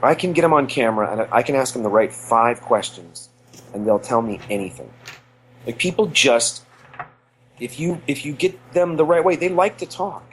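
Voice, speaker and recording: A man's voice: medium pitch, expressive, normal speed, a little hiss or hum, low-quality recording. A middle-aged man co-hosting a podcast, telling earnest stories in a rambling way with many restarts. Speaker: podcast co-host. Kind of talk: casual nostalgic chat.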